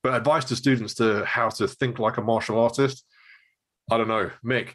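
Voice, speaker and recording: A man's voice: mid-range voice, steady tone, moderate pace, fairly bright tone. A man who runs a martial arts gym, talking casually and thinking aloud, with lots of "like" and "you know.". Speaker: martial arts coach and show co-host. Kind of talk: casual podcast chat.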